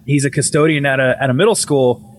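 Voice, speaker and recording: This is a young man talking fast as he recounts a ghost story during casual podcast banter. He's animated and curses, frequently restarts phrases, and his voice jumps up when he quotes himself.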